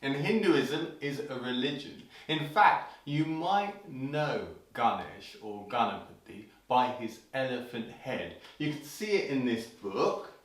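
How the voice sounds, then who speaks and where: A man hosting a children's show, telling a story playfully and breaking into sudden shouts, heard in an echoey room from a distance. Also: mid-range voice, slow pace, hardly any pauses. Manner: animated, leaps into loud sudden shouts for scares.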